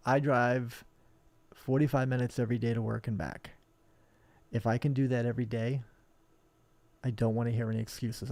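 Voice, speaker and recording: A hobby shop owner talks bluntly and combatively in a rambling, casual live stream. His voice is medium-pitched and a little mellow, with no room sound.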